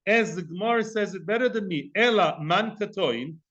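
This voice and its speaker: Lively male Talmud teacher, high voice, acts out dialogue, dull lo-fi sound. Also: normal speed. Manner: animated, mixes Hebrew and Aramaic terms, acts out dialogue. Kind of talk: lively Talmud class lecture.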